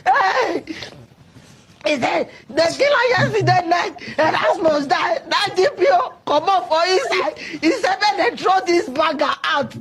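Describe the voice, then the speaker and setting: A woman with a Nigerian Pidgin accent recounting an ordeal, her voice breaking into cries and shouts. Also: very high-pitched, lively intonation, unhurried, slight background noise. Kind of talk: emotional storytelling in Pidgin.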